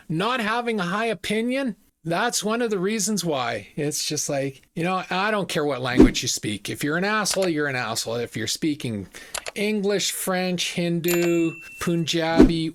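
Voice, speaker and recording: A middle-aged man from Alberta, telling a personal story in a casual, indignant and profane way. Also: on the high side. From Alberta, Canada. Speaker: channel host.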